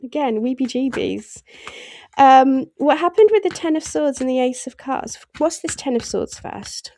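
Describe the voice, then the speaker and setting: A woman's voice: sits high, measured pace, warm tone. A woman giving a casual tarot reading, chatty and laughing often as she acts out little voices in asides. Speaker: tarot reader.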